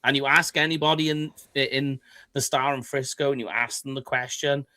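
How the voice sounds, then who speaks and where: A man's voice: medium pitch, level tone, moderate pace, sharp tone, no room sound. A man co-hosting a casual sports podcast, talking things over and teasing his co-host. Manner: conversational, teasing.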